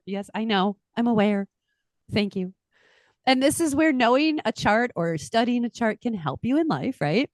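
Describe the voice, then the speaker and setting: A middle-aged woman, an astrologer and podcast co-host, chatting casually and telling stories in an animated way, laughing often. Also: on the high side, normal speed, dry recording, clean studio sound. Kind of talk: casual chat.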